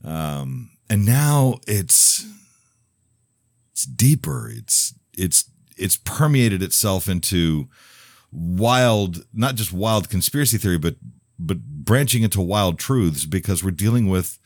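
A radio talk show host with a low, expressive voice muses slowly in a casual monologue that's rambling, blunt, and opinionated, full of restarts and asides. The recording is dry with clean studio sound.

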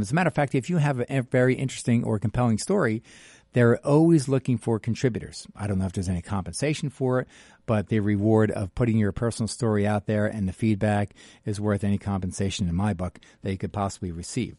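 A man's voice: fairly low pitch, quick pace, dry recording, clean studio sound. A man hosting a live radio talk show, chatty and jokey, reading a piece aloud and interviewing a guest. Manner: chatty, jokey, animated asides.

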